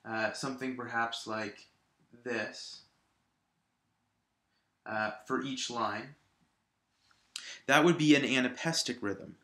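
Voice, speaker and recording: Slow, with long pauses, this male teacher's mid-range voice sounds pushed and bright in a roomy space. He's a high school English teacher patiently explaining a recorded video lesson, repeating examples aloud to stress each syllable.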